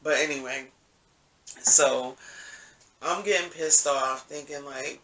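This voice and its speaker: A man's voice: fairly high pitch, slow, long pauses, pushed and bright. A man telling a story in a casual monologue, rambling and profane, often asking "you know what I'm saying". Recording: echoey room, mic at a distance.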